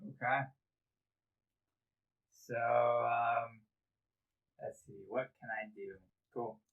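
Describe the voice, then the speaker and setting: A man playing a tabletop game, joking in a dry, deadpan way. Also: mid-range voice, very slow, phone-quality sound. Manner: joking, deadpan, playing up his character's greed. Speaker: player. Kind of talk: casual tabletop game chat.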